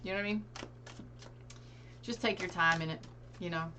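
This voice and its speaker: A woman's voice: on the low side, fairly even intonation, normal speed, sharp tone, slight background noise. A woman giving a casual tarot reading, speaking earnestly and directly to her viewers. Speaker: tarot reader.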